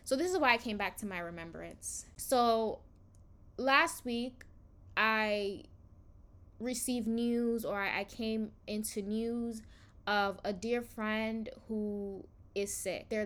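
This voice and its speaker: A woman's voice: a little high, a bit bright. Earnest woman giving a devotional talk. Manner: earnest, reflective, slow pauses. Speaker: podcast host reading scripture and teaching. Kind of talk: devotional teaching.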